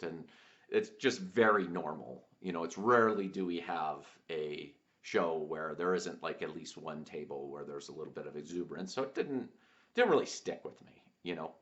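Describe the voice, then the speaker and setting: A man, a podcast host, telling a personal story in a reflective way, halting with many fillers and restarts. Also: sits low, a bit bright. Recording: dull lo-fi sound.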